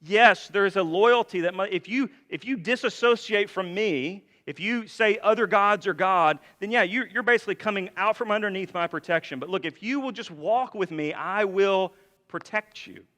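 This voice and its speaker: Male pastor, bright and forceful tone, chatty sermon delivery, long church reverb. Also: high voice, moderate pace. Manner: conversational preaching with frequent rhetorical questions. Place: church sanctuary.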